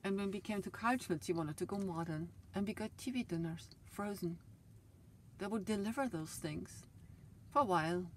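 A middle-aged woman telling a rambling personal story in a vlog, swinging between loud outbursts and quiet asides. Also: medium pitch, normal speed, slight background noise. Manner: emotional, swings loud and soft, laughs often. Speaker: vlogger.

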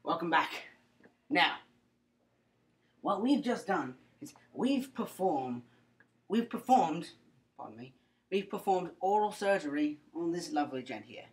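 A woman's voice: lowish voice, very animated, unhurried, pauses often. A young woman presenting a comedic mock-science skit, rambling and mock-serious with playful asides. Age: young adult.

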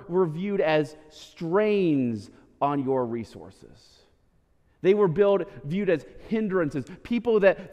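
Guy preaching in church, voice jumps all over, long hall echo. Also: high voice. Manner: animated preaching with asides and repeated "right?". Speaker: pastor. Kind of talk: sermon. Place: church sanctuary.

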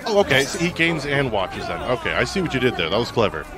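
A man streams a video game over background game music, joking, chatting casually, reacting out loud to the game, and reading viewer messages aloud. He talks fast in a mid-range voice that swings widely in pitch.

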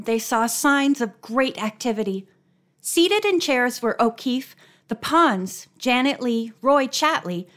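A woman narrates a mystery story aloud in a slightly high voice. Her reading is scripted and expressive. She lifts her pitch when characters speak. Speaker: audiobook narrator.

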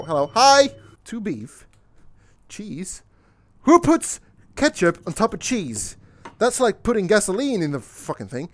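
Excitable young man narrating his gameplay. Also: a little high. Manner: excitable, talks to himself while playing, swears casually. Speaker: gaming YouTuber. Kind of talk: casual let's-play commentary.

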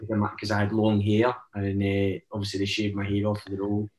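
A Scottish man talks as a guest, rambling through stories and leaning on "eh" fillers. His voice sits low, and the room around him adds a noticeable echo. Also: monotone, a little fast, a little mellow. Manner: rambling storytelling, many "eh" fillers. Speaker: actor guest. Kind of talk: casual chat.

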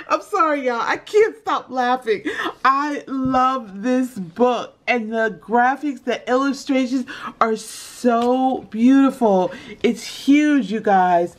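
A woman chatting casually in a shopping haul video, calling her viewers y'all and often breaking into high laughter. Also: slow pace. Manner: chatty and giggly, addresses viewers as y'all and you guys. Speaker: vlogger showing a shopping haul.

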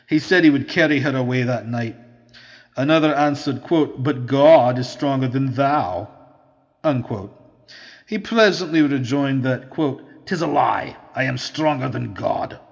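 A man reading an old historical account aloud in a measured, formal manner. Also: mid-range voice. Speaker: reader. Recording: dull lo-fi audio with long reverb.

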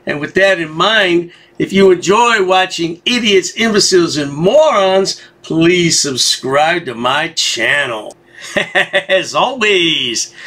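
A man's voice: on the high side, bright, forceful tone. A man hosting a commentary channel, giving a sarcastic, taunting voice-over.

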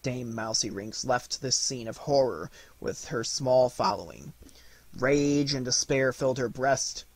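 A man's voice: medium pitch, unhurried, dry recording. A man reading a classic fairy tale aloud as an audiobook narrator, telling it expressively. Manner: expressive, lively storytelling. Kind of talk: storybook narration.

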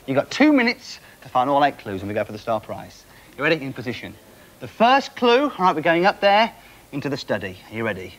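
Excitable game show host. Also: male voice, medium pitch, fairly quick, poor audio. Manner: excitable, chatty, urges contestants on. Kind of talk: energetic game show hosting. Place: TV studio set. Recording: loud music and cheering crowd behind.

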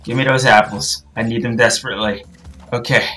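A young woman playing a video game and commenting, cursing and yelling at the screen in frustration. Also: extremely low pitch, fairly even intonation, a little fast, soft background music. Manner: frustrated, swears a lot, yells at the game. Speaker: gaming channel host. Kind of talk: let's play commentary.

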